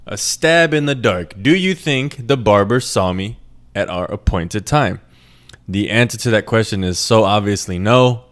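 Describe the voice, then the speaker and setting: A young podcast host from a Puerto Rican family raised in New York delivers a casual monologue, ranting in a rambling, profane, joking way. His voice is fairly low and his speed normal.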